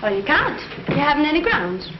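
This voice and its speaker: An actress playing a dramatic, clingy young newlywed wife in 1930s film acting style, pleading with tearful outbursts. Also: female voice, high-pitched, very animated, brisk, echoey room. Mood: stubborn. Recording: dull, hissy 1930s film soundtrack.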